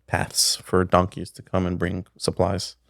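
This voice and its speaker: A man's voice: low-pitched, monotone, unhurried, vocal fry, a bit bright, dry recording. A middle-aged man, a podcast guest, telling a story casually, rambling, with many restarts, on a close studio mic. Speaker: podcast guest, pickle maker.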